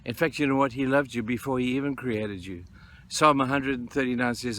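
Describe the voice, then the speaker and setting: A man's voice: medium pitch, brisk, a bit bright. A man preaching a sermon, earnest and repetitive, pleading with his listeners. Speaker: pastor.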